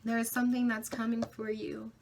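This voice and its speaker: A woman's voice: a little high, monotone, brisk, darkish tone, slight background noise. A woman doing a pick-a-card tarot reading, with emphatic, repeated affirmations and casual swearing. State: tearful, emotional. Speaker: tarot reader.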